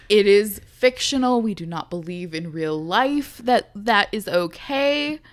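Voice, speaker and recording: A woman's voice: mid-range voice, lively intonation, slow pace. A woman co-hosting a podcast in casual chat, laughing often and swearing freely. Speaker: podcast co-host.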